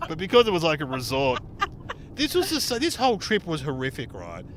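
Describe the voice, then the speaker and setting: A middle-aged Australian man and comedian, telling a rude, animated story in casual chat and acting out the other people in it. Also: a little high, fairly quick, slight background noise. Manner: animated, swearing, acts out dialogue. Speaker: comedian podcast host. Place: inside a car on a road trip.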